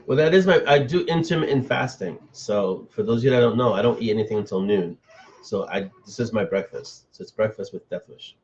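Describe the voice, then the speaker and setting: A man's voice: lowish voice, brisk, a little mellow. A man hosting a casual live stream, chatting loosely and answering viewers' comments as he goes. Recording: dull, slightly lo-fi stream audio.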